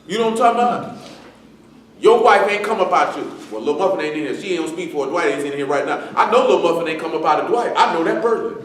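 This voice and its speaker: A man's voice: fairly high pitch, lively intonation, fast talker, slight background noise. A man preaching a sermon in loose street slang, joking and quoting people. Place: church assembly hall. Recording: echoey hall from far off.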